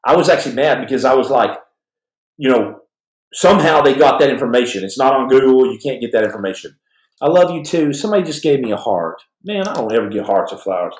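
A man's voice: mid-range voice, fast talker. Rambling storyteller man in a roomy space. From United States. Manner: rambling, animated, repeats words, acts out quoted dialogue. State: in pain, numb hand. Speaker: podcast host telling his own stories. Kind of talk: live podcast storytelling.

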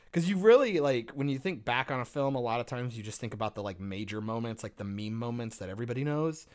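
A man chatting casually on a podcast over a call, animated and profane, laughing often. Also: mid-range voice, brisk. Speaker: podcast co-host.

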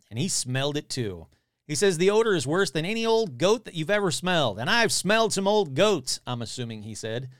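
A man's voice: a little high, fairly bright tone, no room sound, studio quality. A man hosting a podcast, casually reading a newspaper article aloud and breaking off with wry, grumbling asides. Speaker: podcast host.

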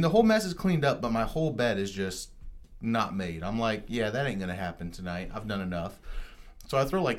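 A young adult man telling a story in casual podcast chat, rambling, profane and self-mocking. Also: mid-range voice. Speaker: podcast co-host.

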